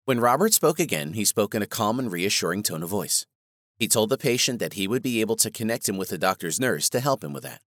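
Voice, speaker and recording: A man reading a scripted training course on phone etiquette in a measured instructional manner. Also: on the low side, lively intonation, a bit bright, no echo, clean studio sound. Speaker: course narrator.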